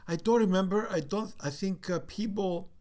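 A man in his sixties with a Cypriot accent, recounting his life as an interviewee in a halting way with many fillers and restarts. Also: high voice, darkish tone. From Cyprus. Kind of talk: reflective storytelling.

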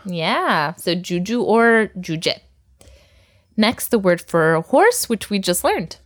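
A woman's voice: medium pitch, very animated, slow. A woman teaching a recorded language lesson, patiently drilling words and laughing often.

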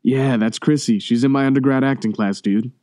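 A man reading a story aloud, voicing a crude, boastful young acting teacher who talks loudly. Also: medium pitch, fairly even intonation, brisk, no echo, studio quality, lightly acted. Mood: brash. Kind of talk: audiobook reading.

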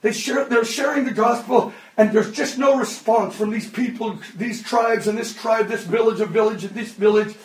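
A man in his fifties preaching a sermon, impassioned and often shouting. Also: high voice, steady tone, moderate pace, few pauses. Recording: echoey hall, distant mic.

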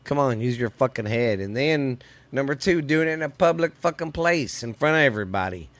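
A man's voice: mid-range voice, expressive, a little fast, a bit bright, no room sound, low-quality recording. A middle-aged man from Louisiana with a Southern Louisiana accent, hosting a podcast in a loose, profane, rambling way. His voice sounds slightly sore. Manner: profane, loose, calls listeners baby. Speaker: podcast host. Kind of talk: rambling casual podcast talk.

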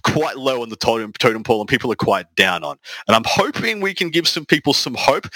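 A man hosts a podcast, talking in a loose, chatty way with frequent laughs and false starts. His voice is bright and lively. The recording is dry and close, with no room sound. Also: mid-range voice, dry recording, poor audio. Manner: chatty, laughs often, stumbles and restarts. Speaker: podcast host. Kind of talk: casual podcast chat.

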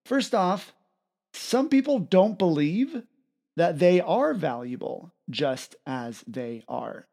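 A man hosting a self-help podcast, talking casually and retelling a children's story with animated energy. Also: high voice, creaky. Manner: upbeat, animated storytelling with quick bursts. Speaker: podcast host.

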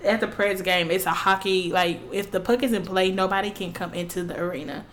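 A young woman co-hosting a casual podcast, telling stories with lively acted-out quotes. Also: fairly low pitch, a little fast, slight background noise. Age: young adult. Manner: animated storytelling with acted-out quotes. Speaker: podcast co-host. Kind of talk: casual chat.

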